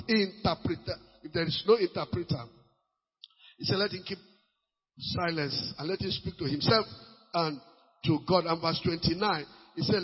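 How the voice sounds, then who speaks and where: A man with a Nigerian accent preaching a sermon as pastor, lively and mixing Pidgin, sometimes breaking into shouts. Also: a little high, husky. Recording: muffled, long hall reverb.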